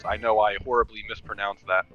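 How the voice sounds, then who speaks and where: Male friend on a stream, bright tense voice, casual teasing banter. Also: fairly low pitch, flat delivery, quick pace, lo-fi sound. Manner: joking, teasing.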